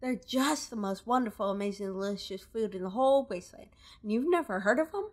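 A woman's voice: medium pitch, lively intonation, brisk, natural voice. Woman voicing a Southern-drawling weepy shopkeeper. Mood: indignant. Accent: put-on Southern US. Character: tearful robbed female wasteland shopkeeper. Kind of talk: live dub of game dialogue.

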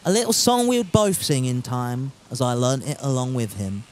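A man's voice: medium pitch, animated, normal speed, a little mellow, slight background noise. A man streaming a survival game, chatting casually, joking, swearing and trying out put-on accents. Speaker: gaming streamer. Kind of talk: casual gameplay commentary.

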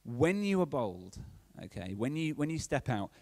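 A man's voice: mid-range voice, big pitch swings, normal speed, vocal fry, a little mellow, no echo. A man preaching a chatty, playful sermon and keeping in touch with his congregation. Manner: chatty and playful, keeps checking in with the audience.

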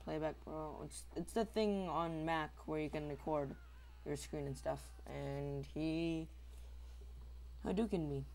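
A man giving casual, rambling commentary over his own gameplay, mocking himself and mouthing squeaky shooting sound effects. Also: fairly even intonation, a little slow, vocal fry, a little mellow. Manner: rambling, self-mocking asides to viewers. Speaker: gamer recording his own match.

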